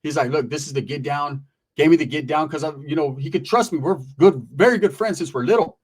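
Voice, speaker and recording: A man's voice: a little high, fairly quick, husky. A man, telling a story in a casual, slangy and profane way. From Merced area, California.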